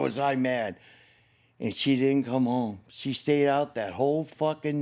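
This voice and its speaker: At a slightly slow pace, the host's father, an older man with a medium-pitched, somewhat mellow voice, shares a personal story with his son. He wanders, curses freely, becomes emotional and impersonates the people in the story.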